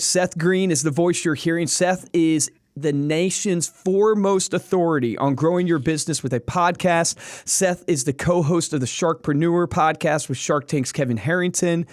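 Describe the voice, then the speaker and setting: A man's voice: fairly high pitch, normal speed, no room sound, clean studio sound. A man hosting a podcast, chatty and enthusiastic, laughing easily as he introduces his guest. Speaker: podcast host. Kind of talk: casual podcast interview.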